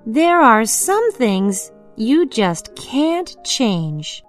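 A woman's voice: a little high, very animated, very slow, pitched above the performer's own voice, heavily acted. Woman doing a cocky show-off fox. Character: boastful young male fox, a show-off. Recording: faint piano music behind.

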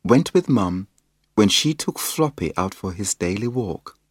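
A man reading a children's picture book aloud in a slow, expressive storytelling manner. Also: fairly low pitch, slightly rough, no room sound, studio quality. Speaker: storybook reader.

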